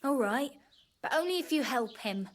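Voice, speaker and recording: A woman's voice: sits high, lively intonation, normal speed. A woman voicing an anxious peasant wife who pleads earnestly and guards what she owns. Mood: pleading.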